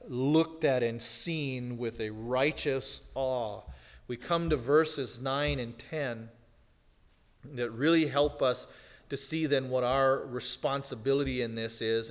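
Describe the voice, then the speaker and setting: A man preaching an expository sermon as pastor, emphatic, swinging from loud declarations to hushed, serious lines. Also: medium pitch. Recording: long hall reverb.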